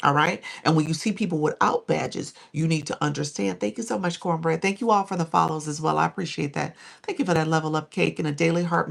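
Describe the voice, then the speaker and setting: A woman's voice: low-pitched, gravelly. A woman in her forties coaching viewers on a live stream, emphatic and chatty, thanking people by name and laughing often.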